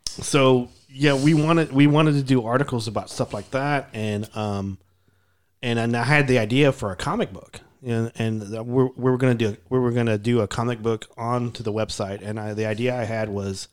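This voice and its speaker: A man's voice: mid-range voice, fairly even intonation, normal speed. A man hosting a casual chat, talking in a rambling way with many fillers and restarts.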